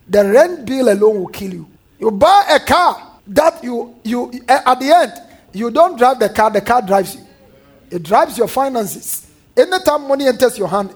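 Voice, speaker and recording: A male pastor delivers a lively sermon. His voice sits high and sounds husky. He often turns to the congregation with call-and-response and mimics what scoffers say.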